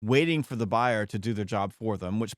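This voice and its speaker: A man's voice: on the low side, a little fast, no room sound, clean studio sound. A man hosting an interview, asking questions and reflecting thoughtfully on sales. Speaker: podcast host. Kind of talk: conversational interview.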